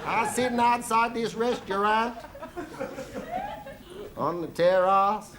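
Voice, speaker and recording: Slow and high-pitched, this man's voice belongs to a comedian performing in character on 1970s television, with audience noise from the studio. He cheekily plays a bragging, folksy American traveller, putting on a Southern drawl, crying "ooh-wee" and telling tall tales during his stand-up monologue.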